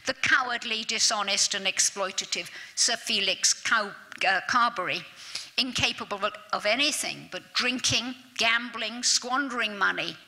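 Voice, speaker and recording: A woman giving a literature lecture at a summer school, chatty and lively, with asides to her audience and little self-mocking remarks. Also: fairly high pitch, moderate pace. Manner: self-deprecating, laughs at herself.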